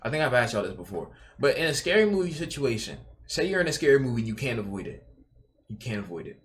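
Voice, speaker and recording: A man's voice: medium pitch, sing-song, fast. A young man streaming, reacting casually to a video, rambling and repeating himself while swearing and talking to his chat. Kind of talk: casual live reaction commentary.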